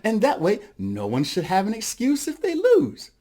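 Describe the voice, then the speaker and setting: A man's voice: sits high, wildly swooping pitch, normal speed, warm tone, voice pushed up, heavily acted. A man doing a bragging trickster rabbit. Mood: boastful. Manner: smooth-talking, bragging, sly. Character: boastful small male trickster rabbit. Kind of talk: storytelling performance.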